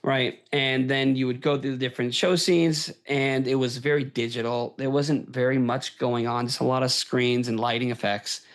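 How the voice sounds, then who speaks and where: Guy hosting a podcast, excited casual chat, keeps saying right?. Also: mid-range voice, moderate pace, few pauses. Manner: enthusiastic, tags "right?" onto points. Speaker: podcast host.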